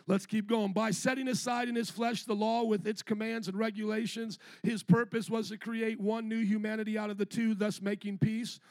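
A male pastor preaching a lively sermon with call-and-response to the congregation, his voice starting to go hoarse. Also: high-pitched, dry recording. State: voice going hoarse.

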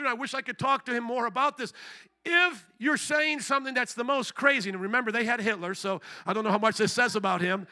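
A pastor with an extremely high-pitched voice preaches a sermon, animated and acting out the voices of those he quotes.

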